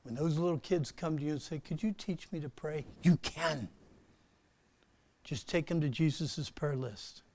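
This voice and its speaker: Gravelly, earnest preacher man. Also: fairly high pitch. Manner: earnest, conversational preaching with sudden loud emphatic bursts; soft, reverent praying voice. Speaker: guest preacher. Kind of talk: sermon and congregational prayer.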